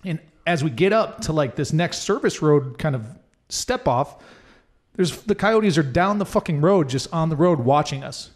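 A man co-hosting a podcast, telling an animated, profane story in casual chat. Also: a little high, moderate pace. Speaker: podcast co-host.

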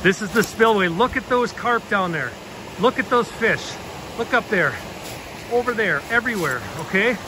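A man's voice: high-pitched, animated, normal speed. A man in his thirties vlogging on foot by a pond, speaking earnestly and dramatically to his viewers on a handheld camera. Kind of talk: casual outdoor vlog walk-and-talk. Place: outdoors by a pond. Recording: outdoor ambient noise.

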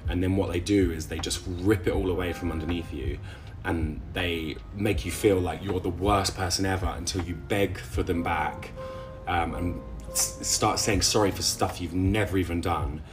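A young man recounting a painful relationship, halting and repeating words with many fillers. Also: low-pitched, steady tone, over music. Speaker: interviewee recounting abuse. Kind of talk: emotional personal testimony.

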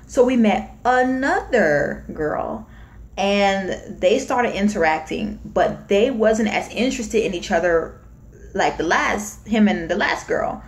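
A young vlogger from Florida tells a personal story to the camera in a medium-pitched voice at a slow pace. She's chatty and animated, acting out what people said.

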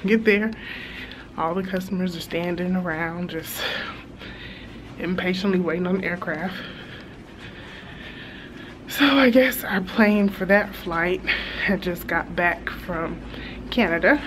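A woman, chatting casually to viewers as a flight attendant vlogger and telling a story with animated asides. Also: lowish voice, takes it slowly, pauses often, background noise. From Texas. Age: 30s. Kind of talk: casual vlog chat. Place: hotel hallway and room. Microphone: handheld compact camera.

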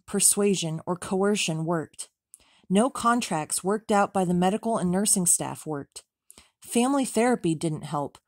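A woman reading a memoir aloud as an audiobook, in a measured, steady way with even pauses. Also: medium pitch, dry recording, studio quality. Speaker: audiobook reader.

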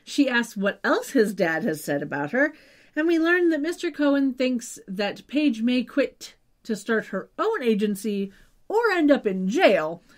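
On a podcast she co-hosts, a woman recaps a TV episode in loose, chatty talk full of wry asides, sometimes trailing off with "just saying." Her voice sits on the high side with big swings in pitch, and she takes her time.

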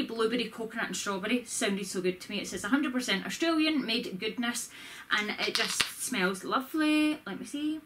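Woman rambling through a haul vlog in her bedroom, kinda high voice, chatty and self-deprecating. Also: fairly quick, fairly bright tone. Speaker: vlogger. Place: bedroom at home. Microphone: camera with ring light.

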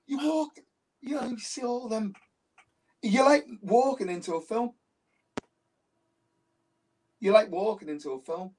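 Speaking unhurriedly with long pauses, a man from Liverpool, England, chats as a casual interview guest in a high, slightly mellow voice. He tells his stories animatedly and repeats phrases for emphasis, recorded from a distance from the mic.

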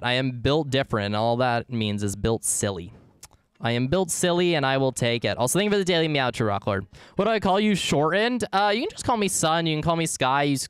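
A man's voice: mid-range voice, smooth, dry recording. A man live-streaming a game, chatting casually and goofily with his viewers as he plays. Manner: goofy, rambling, talks to chat.

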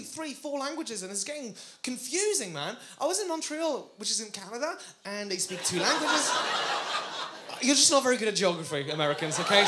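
Lively, rambling stand-up comedian man. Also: very high-pitched, heavy background noise. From Belgium. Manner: rambling, conversational, self-mocking.

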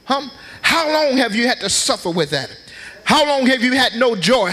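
A man's voice: extremely high pitch, expressive, moderate pace, pushed and bright. A man preaching a passionate sermon in a church, tossing out call-and-response asides to the congregation. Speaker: pastor. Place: church sanctuary.

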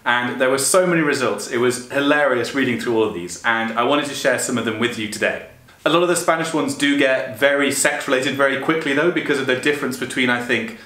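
Young male vlogger, casual and chatty, mid-pitch, roomy echo on the recording. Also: sharp tone. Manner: chatty, laughs often at what he reads. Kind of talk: casual chat, reading stories aloud.

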